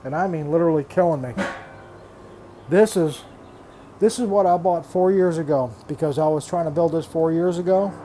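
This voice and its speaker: Older male hobby vlogger, blunt and fed up, mellow tone, faint room noise. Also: on the high side, moderate pace. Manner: exasperated, blunt, swears freely; repeats himself, restarts phrases. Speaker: reef aquarium hobbyist vlogger. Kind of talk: frustrated casual rant.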